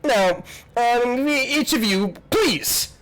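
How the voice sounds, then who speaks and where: A man voicing a pompous, flustered older male host who dresses like a wizard, in a fussy high voice that stumbles over words. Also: animated, slow, background noise, heavily acted.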